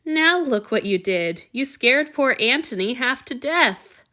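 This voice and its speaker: A woman voicing a calm, fond woman healer who talks in a soothing, matter-of-fact way. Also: high-pitched, a little slow, pitched above the performer's own voice, full character voice. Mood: fondly scolding.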